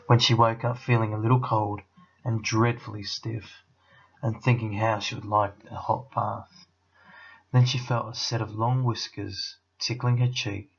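A man, a teacher, reading a children's novel aloud with expressive storytelling. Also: lowish voice, muffled recording.

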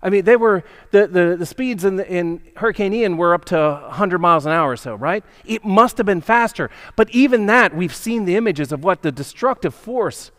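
A male pastor retelling a story in a church, conversational and animated, often checking in with listeners. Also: high-pitched. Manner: conversational, animated, asks the congregation "right?". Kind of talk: storytelling sermon. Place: church sanctuary.

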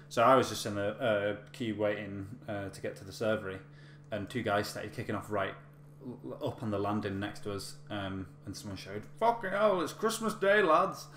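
Rambling male vlogger, low voice, roomy echo, casual storytelling. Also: little pitch movement, normal speed, a bit bright. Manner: chatty, rambling with many fillers and restarts. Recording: echoey room with faint hum.

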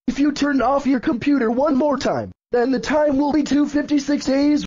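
A man's voice: fairly even intonation, moderate pace, darkish tone. A man voicing a bossy purple dinosaur who scolds and threatens, in a fan-made cartoon with dull, lo-fi sound. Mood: scolding. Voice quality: very high-pitched. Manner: scolding, threatening, repeating rules. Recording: dull lo-fi audio.

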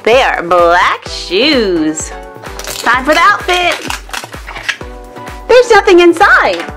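A woman's voice: high voice, very animated, slow pace, fairly bright tone. A woman narrating toy unboxing and doll play in a cheerful, sing-song way, with music underneath.

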